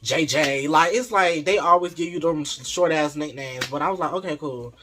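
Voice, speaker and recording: A man telling a story in an animated, slangy, laughing way. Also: fairly high pitch, moderate pace, slight background noise. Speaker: vlogger. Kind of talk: casual storytelling.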